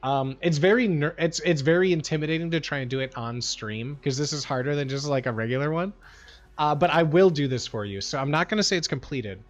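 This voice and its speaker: Talking fairly fast in a voice on the high side, a man rambles casually on his livestream, leaning on slang like "like" and "bro." Faint music plays under a dull, lo-fi recording.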